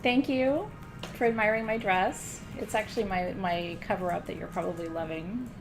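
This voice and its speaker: With soft background music underneath, the middle-aged host of an online spiritual ceremony speaks at a moderate pace in a mid-range voice. She chats casually, makes fun of herself, drops light swears and laughs often.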